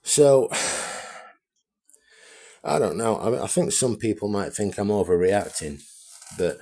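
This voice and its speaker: A man's voice: lowish voice, animated, a little slow, gravelly, mellow. A man, an amateur radio vlogger, delivering a blunt, heavily profane, repetitive rant to camera. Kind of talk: ranting video monologue.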